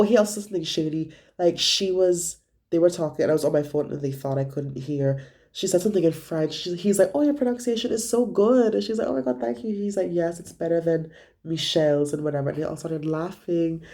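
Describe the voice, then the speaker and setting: In a casual vlog recapping his week, a young man whose voice runs on the high side with a dark tone gossips and swears freely. He brings the story to life by performing his friends' lines.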